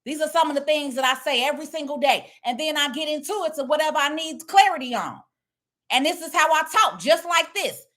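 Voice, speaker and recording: A woman's voice: high voice, animated, a little fast, a bit bright. A woman speaking blunt, preachy casual talk, lecturing her viewers. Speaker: online commentator. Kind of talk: casual direct-to-camera talk.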